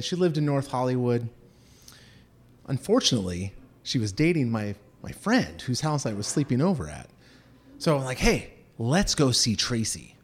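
A man from Southern California telling a personal story, acting out the voices of the people in it. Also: on the high side. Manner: animated, acts out quoted voices.

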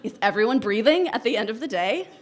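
Animated woman telling a wry story. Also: on the high side, quick pace. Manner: animated, wry, breaks into laughter. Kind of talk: live personal storytelling.

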